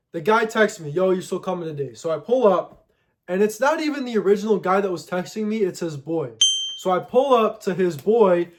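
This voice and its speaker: A young man telling a casual storytime about reselling, heavy on slang and quick to mock himself. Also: high-pitched. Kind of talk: storytime vlog.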